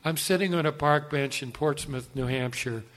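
Older male speaker sharing his testimony; animated, self-mocking storyteller who talks straight to the crowd. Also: a little high, moderate pace. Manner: animated, self-deprecating, asides to the audience. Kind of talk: personal storytelling talk.

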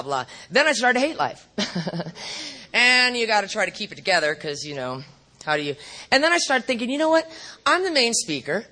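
A middle-aged woman speaking at a recovery meeting, telling her story bluntly and profanely with animated asides. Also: medium pitch.

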